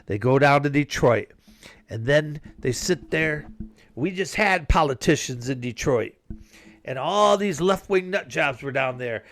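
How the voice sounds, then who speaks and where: A man's voice: on the high side, animated, a little slow, a bit bright, soft background music. A man delivering a fired-up, indignant opinion monologue, often tacking on "man". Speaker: commentator.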